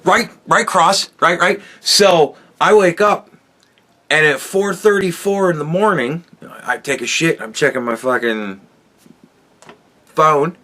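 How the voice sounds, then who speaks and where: A man's voice: a little high, takes it slowly, sharp tone. A man hosting a podcast, telling a rambling, profane story in a casual monologue. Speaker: podcast host.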